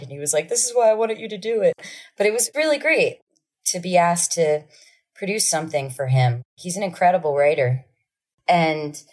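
A woman musician telling casual stories as a podcast guest, acting out the people in them. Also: low-pitched. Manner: lively anecdotes with acted-out quotes. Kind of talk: casual storytelling.

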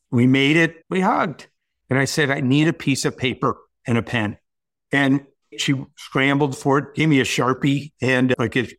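A man's voice: medium pitch, a bit bright. Earnest man telling a personal story. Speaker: guest.

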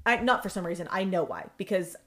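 A woman's voice: lowish voice, fast talker. Female co-host, casual book-club chat, emotional and gushy. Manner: emotional, gushing, chatty. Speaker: podcast co-host.

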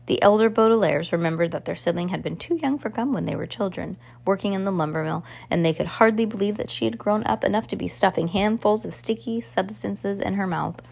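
A woman's voice: mid-range voice, brisk, vocal fry, hardly any pauses, darkish tone, breathy edge. A woman reading a novel aloud in an unpolished way, with stumbles and restarts. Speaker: reader.

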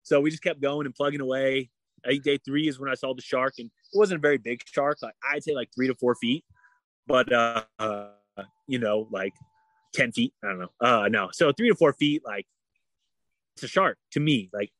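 A man recounts a story in an easygoing interview, peppering his talk with "like" and slipping into the voices of the people in it. His voice sits at an ordinary male pitch. The sound is close and dry, with no room around it. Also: normal speed, no room sound. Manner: animated, heavy use of "like", acts out quoted dialogue. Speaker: guest. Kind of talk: casual storytelling.

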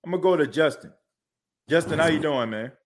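A man's voice: a little high, brisk, slight background noise. A man hosting a sports podcast, ranting heatedly and repeating himself. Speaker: podcast host. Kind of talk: casual sports talk.

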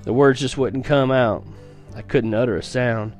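A man's voice: mid-range voice, fairly even intonation, normal speed, a little mellow, soft background music. A man reading a first-person novel aloud in an earnest storytelling manner, with small stumbles and restarts. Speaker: reader of a novel.

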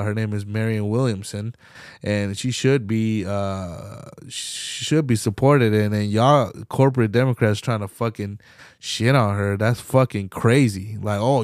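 A man hosting a podcast, delivering a profane, slang-heavy political rant that swings between loud outbursts and low mutters. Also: no room sound, studio quality. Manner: profane, heated, slangy ranting. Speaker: podcast host.

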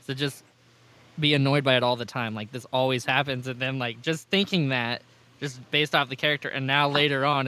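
Dude hosting a podcast, bright voice, rambles and swears a lot. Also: male voice, mid-range voice, fairly even intonation, a little fast, clear, resonant tone. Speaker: podcast host. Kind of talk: casual podcast chat.

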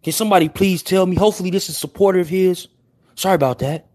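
A man's voice: high-pitched, fast talker, a little mellow. A young man from Chicago with a Chicago accent, chatting casually to viewers on a livestream in brash street slang and apologizing over and over. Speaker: livestream host.

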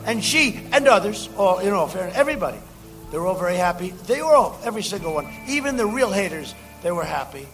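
High-pitched man rallying a crowd. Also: very animated, quick pace, faint music behind. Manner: rambling, repeats phrases, shouts to the crowd. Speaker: president speaking at a campaign rally. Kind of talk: campaign rally speech. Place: campaign rally.

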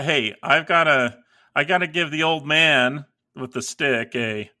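A man's voice: mid-range voice, background noise. A man co-hosting a podcast in casual chat, hesitant and laughing, with lots of fillers. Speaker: podcast co-host.

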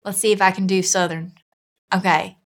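A woman's voice: medium pitch, little pitch movement, normal speed. A young woman with an American accent, from Miami, chatting as a guest in an interview with a giggly, rambling manner. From Miami, Florida. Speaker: actress guest. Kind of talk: casual interview chat.

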